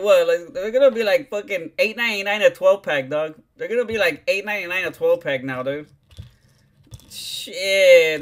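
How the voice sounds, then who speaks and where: A man's voice: sits high, fairly bright tone. Profane, slangy man. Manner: profane, slangy, rambling, keeps saying "dog". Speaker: livestreamer. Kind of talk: casual livestream chat.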